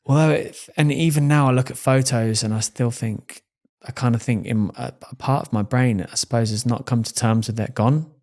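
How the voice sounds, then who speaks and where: A man's voice: mid-range voice, fairly even intonation, normal speed, a little mellow. A man from England, hosting a podcast and speaking candidly in a casual conversation, laughing easily. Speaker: podcast host.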